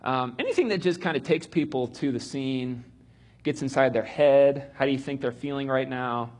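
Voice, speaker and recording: A man's voice: mid-range voice, moderate pace. A man teaching a church group about storytelling in a loose, chatty way, full of ums and little laughs. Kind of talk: casual teaching talk.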